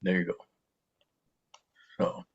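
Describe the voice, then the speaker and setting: An older man with grandchildren, explaining calmly on a podcast with frequent pauses and fillers. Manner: calm, explanatory, frequent hesitations. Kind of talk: podcast conversation. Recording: dull lo-fi sound.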